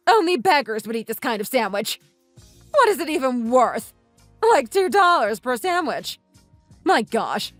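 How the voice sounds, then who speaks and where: A woman's voice: high voice, no room sound, heavily acted. A woman voicing a snobbish, spiteful young woman in a voiced texting story, with haughty, sneering outbursts.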